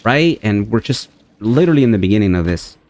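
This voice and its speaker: A man's voice: lively intonation, fast, a little mellow. A man casually commenting on his own survival game as he plays, talking to viewers and yelping in alarm when things go wrong. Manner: chatty, talks to viewers, jumps to high-pitched panic when things go wrong. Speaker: let's play gamer.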